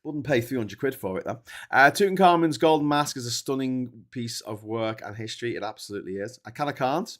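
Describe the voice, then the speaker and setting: A man's voice: medium pitch, fairly quick, a bit bright. Tired rambling man. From Liverpool. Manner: rambling, chatty, full of fillers. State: tired from staying awake. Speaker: livestream host. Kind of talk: casual livestream chat.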